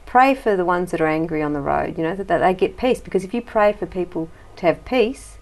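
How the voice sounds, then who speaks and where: Chatty Australian woman, lower voice. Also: animated, fairly quick. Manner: chatty, laughs often, rambling anecdotes. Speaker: interviewer. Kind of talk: casual chat.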